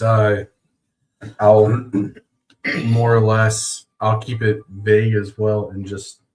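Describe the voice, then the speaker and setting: A man playing a tabletop role-playing game, speaking hesitantly with many fillers. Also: fairly low pitch. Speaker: player. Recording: roomy, distant mic.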